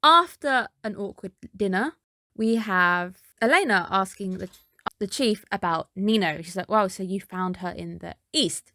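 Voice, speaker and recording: A woman's voice: mid-range voice, unhurried, pushed and bright, dry recording, clean studio sound. A woman reviewing an anime episode in a casual recap, chatty and dropping skeptical asides.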